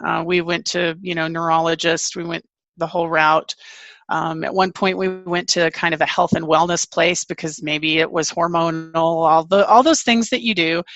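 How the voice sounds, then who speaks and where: A woman author and family caregiver answering interview questions candidly, with halting restarts. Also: fairly low pitch, fairly even intonation, a bit bright, no room sound.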